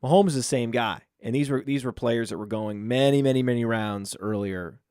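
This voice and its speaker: A man talking as a guest on a casual fantasy football podcast, quick and opinionated, stuttering as he starts his points. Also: medium pitch, darkish tone, clean tone.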